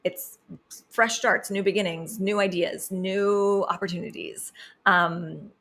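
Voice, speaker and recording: Gravelly-voiced woman reading tarot forecast. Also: medium pitch, steady tone, slow, fairly bright tone. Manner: chatty, enthusiastic, digressive. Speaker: astrology and tarot host. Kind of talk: casual forecast talk.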